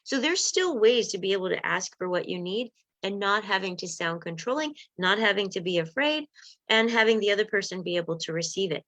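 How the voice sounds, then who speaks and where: A woman working as a relationship coach gives a live-streamed coaching talk to viewers in a lively, conversational way. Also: mid-range voice, fairly quick. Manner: lively, conversational, acts out example dialogues. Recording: dull lo-fi recording.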